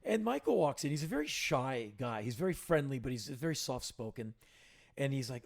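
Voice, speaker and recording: A man's voice: medium pitch, a little fast, gravelly. A middle-aged man, a podcast co-host, telling casual anecdotes and livening them up when he quotes people. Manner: anecdotal, animated when quoting others. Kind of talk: casual storytelling.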